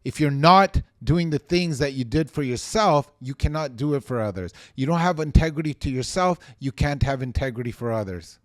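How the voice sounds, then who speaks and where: A man's voice: medium pitch, lively intonation, moderate pace, few pauses, no room sound, clean studio sound. Emphatic, ranting sales coach man. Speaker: real estate sales coach. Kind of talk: motivational teaching monologue.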